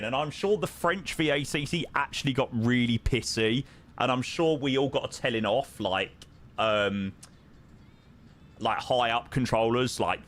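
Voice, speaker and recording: Streaming a flight simulator, a young man with a mid-range, somewhat bright voice keeps up casual, joking chat with his viewers. He also sings along to the music.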